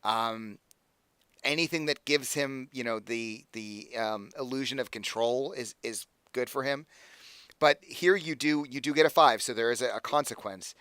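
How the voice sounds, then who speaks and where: A young adult man narrating as game master, casual and halting, with many fillers and restarts. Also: mid-range voice, fairly bright tone, smooth, no room sound.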